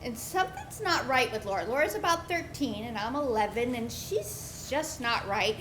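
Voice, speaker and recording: A woman with a high, lively voice tells a story before a live audience. She gives the people in her tale their own voices. The stage mic sits in an echoey pub room. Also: moderate pace, slight background noise. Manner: animated, acts out quoted voices.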